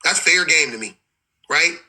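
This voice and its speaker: Husky high-voiced man ranting on a livestream. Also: expressive, normal speed, sharp tone, low-quality recording. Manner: rambling, profane, exasperated, many restarts. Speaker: livestream host. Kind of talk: casual livestream commentary.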